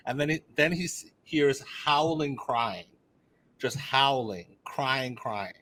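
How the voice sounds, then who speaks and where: A man on a podcast telling a story in casual chat, animated and teasing, often restarting his sentences. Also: mid-range voice, unhurried. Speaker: podcast co-host.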